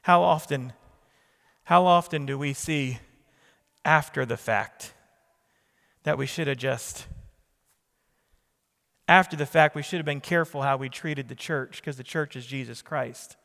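A man's voice: medium pitch, unhurried, vocal fry, fairly bright tone, big-room sound. A man preaching a sermon as pastor, emphatic, repeating key phrases and putting questions to the congregation.

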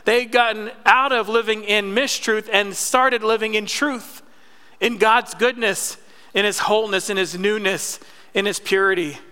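A pastor preaching a conversational sermon and drawing responses from the congregation. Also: male voice, high-pitched, steady tone, moderate pace, pushed and bright, clear, resonant tone. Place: church sanctuary. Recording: long church reverb.

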